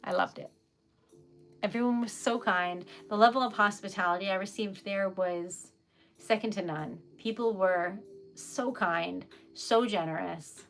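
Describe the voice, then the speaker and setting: A woman's voice: medium pitch, unhurried, gravelly, soft background music. Giggly, rambling woman livestream host. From New England. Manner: giggly, emotional, rambling with fillers. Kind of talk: casual chat with live viewers.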